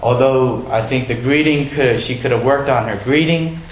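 A man's voice: mid-range voice, moderate pace, echoey room, poor audio. A male pastor giving a sermon in a conversational way, asking his listeners questions.

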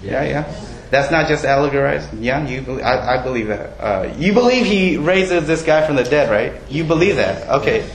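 A pastor with an expressive mid-range voice talks at normal speed with few pauses. His sermon is conversational and self-mocking, full of questions for the congregation, and the low-quality recording is reverberant with slight background noise.

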